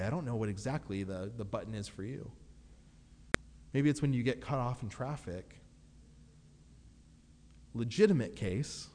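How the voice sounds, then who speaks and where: Male pastor preaching, lively up and down voice, long hall echo. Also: mid-range voice, slight background noise. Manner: conversational, laughs often, acts out quotes. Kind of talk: sermon.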